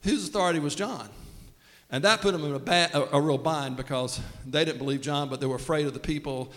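A man's voice: fairly high pitch, fairly quick, a bit bright. A man preaching a casual, humorous sermon, acting out the voices of the people he quotes. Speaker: pastor. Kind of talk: conversational sermon. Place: church sanctuary. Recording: long reverb of a sanctuary.

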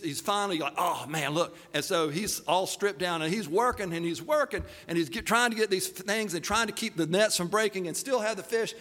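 High-voiced preacher telling jokey stories. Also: male voice, long reverb tail. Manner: animated, jokey storytelling with put-on voices. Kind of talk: sermon.

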